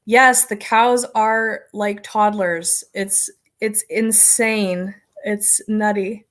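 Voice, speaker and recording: Speaking very slowly with fairly even intonation and medium pitch, this middle-aged American woman runs a relaxed homestead livestream. She chats loosely, goes through viewer comments and laughs a lot.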